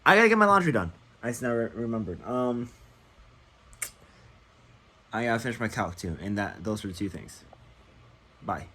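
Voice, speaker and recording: A tired young man speaks in a casual diary vlog, his voice middle-pitched. He talks in halting bursts, padded with "like" and "um" and frequent restarts. A faint air-conditioning hum sits underneath. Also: sing-song, pushed and bright. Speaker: vlogger.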